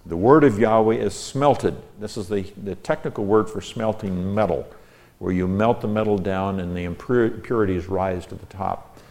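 A man's voice: on the low side, normal speed, a little mellow. A man teaching through a psalm verse by verse, reading each line and explaining the Hebrew words, stressing the key lines. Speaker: Bible teacher.

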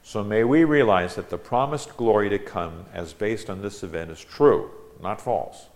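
A man preaching a Bible-teaching sermon, reading Scripture aloud with rising emphasis and explaining it. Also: deep voice.

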